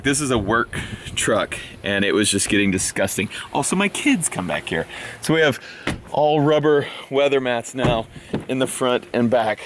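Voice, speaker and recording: A man talks through his truck chores in a casual vlog, chatty and joking at his own expense. His pitch swings up and down a lot as he talks. The sound is outdoor camera audio, with clear noise in the background. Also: fairly bright tone. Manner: chatty, joking, self-mocking. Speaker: vlogger, truck owner.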